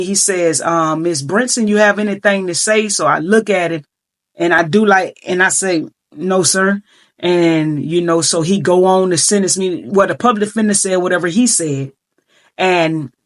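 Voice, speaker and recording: A woman's voice: fairly low pitch, a bit bright. A middle-aged woman earnestly recounting her own life story in a vlog, emotional and full of filler phrases. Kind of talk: personal storytelling.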